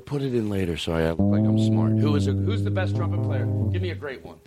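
A man hosting a casual studio chat show, profane and excitable, breaking into shouts of encouragement. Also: on the low side, quick pace, loud music behind the voice. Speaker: podcast host. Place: recording studio.

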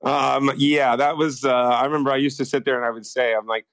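Male guest, thirties, mid-pitched, lively anecdotes with acted-out quotes, dry close mic. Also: brisk, dry recording. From United States. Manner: animated storyteller, acts out quotes. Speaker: soap opera actor, guest. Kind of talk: casual interview chat.

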